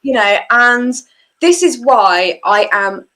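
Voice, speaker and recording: A woman's voice: fairly high pitch, lively intonation, slow pace, a crowd in the background, rough recording. A woman chatting on a podcast, blunt and emphatic, swearing freely when she gets worked up. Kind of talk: casual chat.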